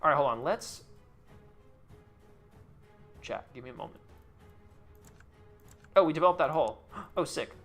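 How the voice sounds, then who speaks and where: A young man chats through his game stream in a bright, clear voice, teasing his viewers and swearing loosely. His talk is offhand and jokey, and faint music plays behind him. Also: a little high, animated, unhurried, long pauses. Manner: joking banter with chat, swearing. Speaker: live streamer. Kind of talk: casual gameplay commentary.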